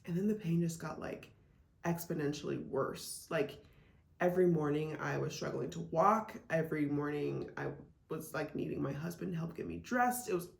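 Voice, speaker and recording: A woman's voice: low-pitched, moderate pace, gravelly. A woman from Iowa, chatting casually as a reselling vlogger, full of "like" and "um" fillers. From Iowa, United States. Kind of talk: casual vlog chat. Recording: echoey room.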